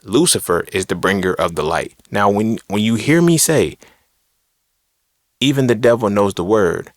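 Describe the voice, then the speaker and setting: A man's voice: on the low side, lively intonation, normal speed, no room sound, studio quality. A man hosting a podcast, giving a blunt, profane, preachy monologue full of rhetorical questions. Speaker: podcast host. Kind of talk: casual monologue on philosophy and religion.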